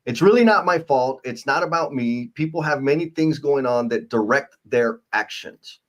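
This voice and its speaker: A man's voice: mid-range voice, normal speed. A man co-hosting a live stream, chatting casually, reading viewer comments aloud and joking about himself. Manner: animated, playful, self-mocking. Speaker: co-host of a live show.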